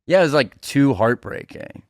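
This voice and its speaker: Animated, laughing male comedian. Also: medium pitch, moderate pace, no echo, clean studio sound. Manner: animated storyteller, laughs a lot, acts out quotes. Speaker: podcast guest, comedian. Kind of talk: casual chat. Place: podcast studio.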